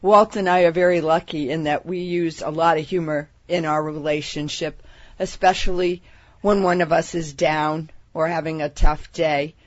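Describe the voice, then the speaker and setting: A woman's voice: deep voice, fairly even intonation, normal speed, no echo, muffled recording. A woman co-host sharing a personal story in a casual interview chat.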